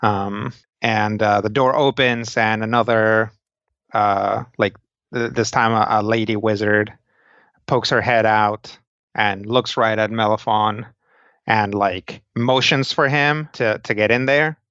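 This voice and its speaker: Slow, low-voiced man as game master. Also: steady tone, a bit bright, clear, resonant tone, no echo, muffled recording. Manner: loose, meandering scene description. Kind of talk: narrating a tabletop game.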